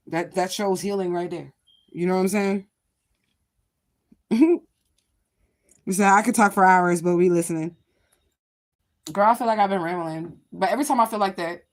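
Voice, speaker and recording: A woman chatting casually on a livestream, talking to her viewers in a candid, rambling way and swearing freely. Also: medium pitch. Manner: addresses viewers directly. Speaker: livestream host.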